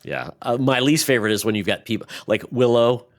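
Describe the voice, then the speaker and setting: A man's voice: medium pitch, lively intonation, a little fast, no echo, studio quality. A man hosting a podcast, chatting casually and animatedly, slipping into mocking impressions. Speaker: podcast host. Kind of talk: casual chat.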